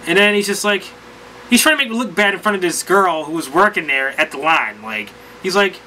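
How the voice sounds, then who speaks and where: A man vlogger telling a rambling, animated story in casual chat with lots of fillers. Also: sits high, fairly quick, a little hiss or hum, rough recording.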